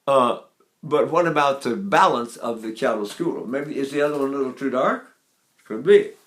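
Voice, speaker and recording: A man's voice: mid-range voice, animated, normal speed, fairly bright tone, echoey room. A man in his eighties giving an informal voice lesson, rambling a little and breaking into short sung demonstrations. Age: 80s. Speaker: voice teacher.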